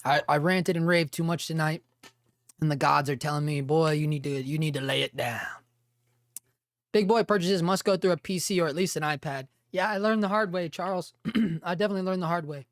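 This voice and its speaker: A man hosting a live stream, chatting casually and reading viewer comments in a rambling, profane way, his voice hoarse and giving out. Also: on the high side, steady tone, fast talker, dry recording, clean studio sound.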